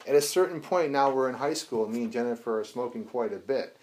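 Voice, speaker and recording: Animated man teaching a recovery class. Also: mid-range voice, fairly quick. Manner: animated, acts out dialogue, casual swearing. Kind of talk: teaching a group, storytelling.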